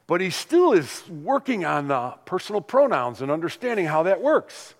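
An older man, a pastor, delivering a sermon that swings between loud emphatic lines and hushed ones. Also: high-pitched, sing-song, normal speed, hardly any pauses, in a large hall.

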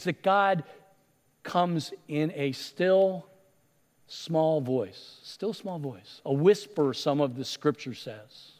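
A man preaching a sermon, retelling stories with animated delivery and acted-out voices. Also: fairly high pitch, big-room sound. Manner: animated storytelling, acts out voices. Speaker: pastor.

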